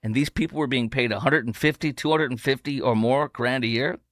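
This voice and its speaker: A man with a medium-pitched, fairly bright voice hosts a political commentary show, speaking briskly with sarcasm and mockery. The sound is clean studio audio with no room sound.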